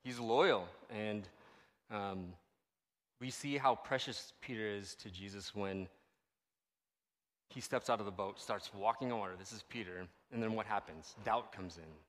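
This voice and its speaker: A man's voice: on the low side, measured pace, big-room sound. A man giving a casual, conversational sermon as a pastor, often checking in with the audience. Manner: animated, conversational, asks the audience "right?" often.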